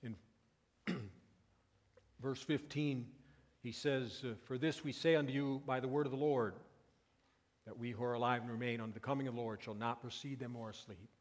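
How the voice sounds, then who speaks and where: A male pastor preaching a sermon, moving from quiet, intimate passages to loud, emphatic peaks. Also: medium pitch, steady tone, moderate pace, long pauses. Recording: long reverb of a church hall.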